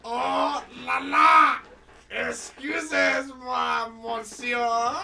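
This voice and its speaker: Jittery male chef, overdone fake french accent, shrieky and melodramatic, high and gravelly, slow drawn-out shouting. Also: far from the mic, slight background noise, exaggerated voice. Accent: over-the-top fake French. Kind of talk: reading game dialogue aloud.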